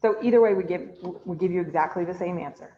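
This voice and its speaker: A woman's voice: lowish voice, quick pace. A woman, giving an online chemistry lecture in a chatty way and asking the class questions that she answers herself. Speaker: chemistry instructor. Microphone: computer mic on a video call. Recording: slightly dull, lo-fi video-call audio.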